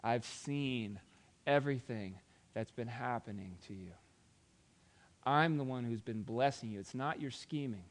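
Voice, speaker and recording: A man voicing God as a calm, reassuring presence, speaking slowly and softly. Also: medium pitch, lightly acted.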